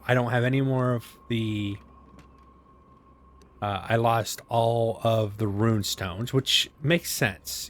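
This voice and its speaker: A man casually commenting as he plays, thinking aloud and poking fun at himself. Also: medium pitch. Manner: thinking aloud, self-deprecating, chuckles. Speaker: gaming channel host. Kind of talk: casual let's-play commentary. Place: home gaming setup.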